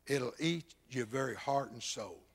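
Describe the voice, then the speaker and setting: An older man, a pastor telling a personal testimony that swings between loud bursts and hushed, near-whispered passages. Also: mid-range voice, lively intonation, measured pace, husky.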